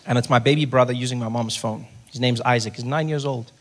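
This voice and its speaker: A South African man doing stand-up comedy, telling stories with animated delivery and slipping into voices. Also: mid-range voice, fast.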